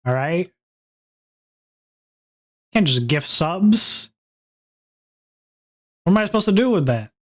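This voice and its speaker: A man streaming a casual chat, rambling and stammering with playful mock outrage and loud bursts of laughter. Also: a little high, big pitch swings, takes it slowly, pauses often. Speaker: VTuber streamer.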